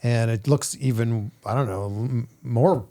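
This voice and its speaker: A man's voice: mid-range voice, unhurried, dark tone. Casual, chatty male interview host. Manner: easygoing, chatty questions.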